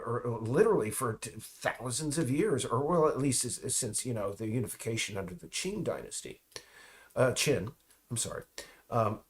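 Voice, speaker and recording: A man in a casual, rambling monologue. He talks haltingly, with many restarts, trailing asides and mocking remarks. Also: mid-range voice.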